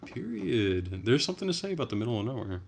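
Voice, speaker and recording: A man's voice: medium pitch, big pitch swings, fast, gravelly, breathy edge. A man chatting casually on a livestream, rambling and profane, with frequent restarts.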